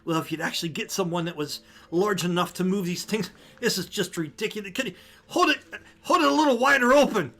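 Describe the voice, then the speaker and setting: A tiny male gnome with a high-pitched voice complains loudly about his chore, as a man plays him in a tabletop game. His voice comes out squeaky and strained. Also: a little fast. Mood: whiny. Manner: whiny and complaining. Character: small fussy male gnome in costume.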